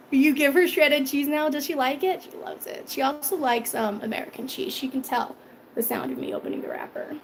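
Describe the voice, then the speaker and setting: A woman's voice: high-pitched, fairly quick, slight background noise. A middle-aged woman hosting a cooking live stream, chatting casually, laughing often and answering viewer comments. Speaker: cooking channel host.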